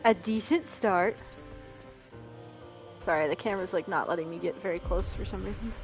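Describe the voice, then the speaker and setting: A woman's voice: mid-range voice, normal speed, faint music behind. A woman streaming a video game, chatting casually, laughing often and reading lines aloud. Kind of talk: casual gameplay commentary.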